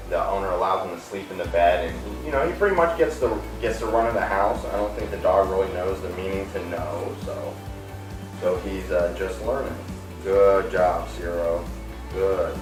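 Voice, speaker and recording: A man dog trainer explaining calmly to viewers while working a dog, breaking off into sharp high praise calls. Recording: roomy distant camera audio with music.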